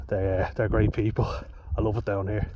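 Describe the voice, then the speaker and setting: An Irish man talking in a rambling, casual monologue, swearing freely and going off on chatty asides. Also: on the low side. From Ireland. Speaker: vlogger. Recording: dull lo-fi audio with steady noise.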